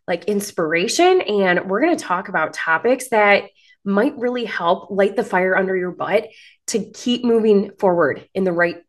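A woman's voice: mid-range voice, expressive, normal speed. A woman in her thirties hosting a podcast, gushing and encouraging as she talks straight to her listeners. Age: 30s. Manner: gushing, encouraging, says "girl" and "like" a lot. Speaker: podcast host. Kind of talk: motivational podcast monologue.

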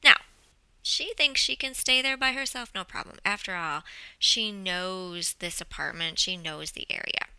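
A woman telling a story in a lively, dramatic way, summarizing a book and then reading from it. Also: mid-range voice, a little slow, smooth, no room sound, poor audio. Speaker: book presenter.

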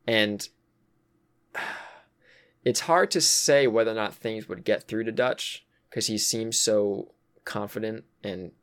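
A man with a fairly low voice talks through his take in a relaxed, casual chat. He thinks out loud, sighing and trailing off with fillers as he works through his ideas. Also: slow, long pauses. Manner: thinks aloud with frequent fillers and sighs. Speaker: co-host discussing a video game.

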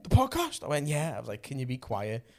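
A man co-hosting a podcast in casual chat, telling stories with deadpan banter. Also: mid-range voice, fast, gravelly. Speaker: podcast co-host.

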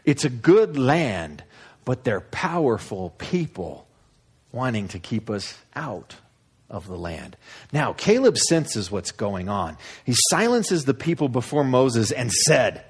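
Man, pastor, humorous sermon storytelling, husky, lively pitch. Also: a little slow. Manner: animated, humorous, conversational.

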